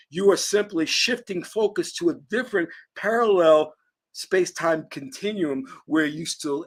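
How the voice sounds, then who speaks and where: Husky, emphatic man lecturing on spirituality. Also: a little high, fairly bright tone. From Virginia, US South. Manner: emphatic, preaching, stretches key words slowly. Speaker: spiritual teacher and channel host. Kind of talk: lecturing livestream talk answering chat.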